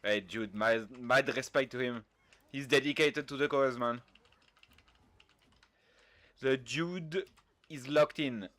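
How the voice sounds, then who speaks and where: A man's voice: mid-range voice, slow, pauses often, a bit bright, no room sound. A man with a French accent, chatting casually on a game stream, laid-back, swearing freely and mocking himself. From France. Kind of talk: casual live-stream chat, reading out viewer messages.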